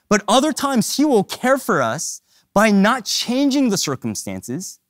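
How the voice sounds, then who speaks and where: A male pastor preaching a sermon in an animated, humorous and emphatic way. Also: high-pitched, no echo, studio quality.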